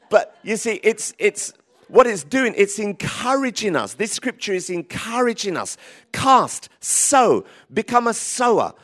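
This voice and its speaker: Lively preaching man. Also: high voice, measured pace. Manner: lively, rising to emphatic calls, with many restarts. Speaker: pastor. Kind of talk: sermon. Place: church.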